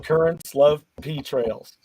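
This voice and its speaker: A man's voice: fairly high pitch, mellow, dry recording. A man co-hosting a casual gaming chat show, joking and trading banter. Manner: jokey, quick with banter.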